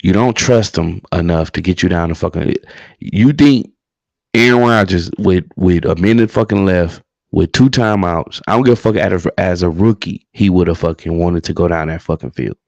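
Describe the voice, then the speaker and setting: Ranting about his team on a livestream he co-hosts, this man is heated, profane and repetitive in casual sports talk. His voice sits low with vocal fry and a darkish tone at a moderate pace, and the recording is dry and dull.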